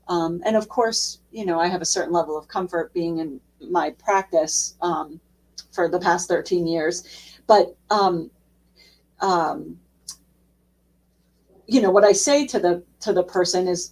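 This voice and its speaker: A woman social worker giving an educational talk in a relaxed, conversational way with frequent fillers. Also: fairly low pitch, a little slow, distant mic, low-quality recording.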